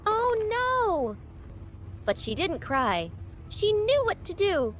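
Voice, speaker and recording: A woman narrating a storybook tale in a slow, sing-song manner. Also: high-pitched, big pitch swings, slight background noise.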